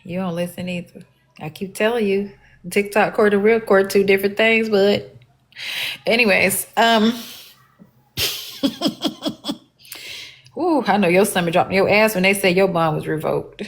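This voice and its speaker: A woman talks straight to her live-stream viewers in a casual, salty way. Her voice sits at a middling pitch, and she is blunt and openly aggravated. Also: fairly even intonation, normal speed, gravelly. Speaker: livestream host.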